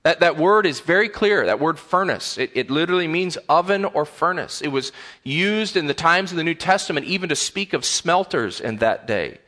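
Male pastor, sermon delivery, slightly high and bright, emphatic, repeats words for stress. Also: lively intonation, moderate pace. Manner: earnest, emphatic, repeats words while building a point. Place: church sanctuary.

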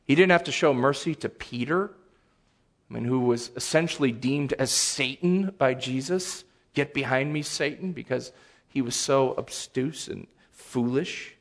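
A man preaching a sermon as a pastor, earnest and animated, with sudden loud bursts. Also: mid-range voice, unhurried.

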